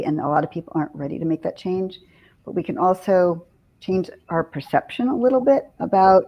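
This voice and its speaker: A woman's voice: fairly low pitch, husky, lo-fi sound. A woman guest in a casual interview, talking animatedly and quoting herself as she chats about cooking. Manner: chatty, animated, quotes herself with laughs. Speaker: guest, vegan cooking teacher.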